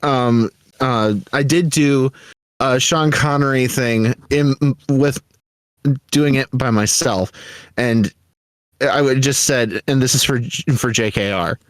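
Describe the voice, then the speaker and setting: A man's voice: mid-range voice, slow, no echo. Matter-of-fact male guest. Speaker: fan-series voice actor guest. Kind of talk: casual chat.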